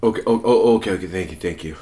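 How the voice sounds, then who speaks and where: A woman's voice: rumbling low, racing, warm tone. A woman eating on camera with her child, chatting casually and coaxing between bites. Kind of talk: casual eating vlog chat.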